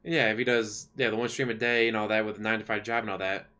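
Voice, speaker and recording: A man's voice: fairly low pitch, fairly even intonation, quick pace, pushed and bright. A man hosting a livestream, chatting casually and sarcastically while complaining. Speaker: livestream host. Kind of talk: casual rambling chat.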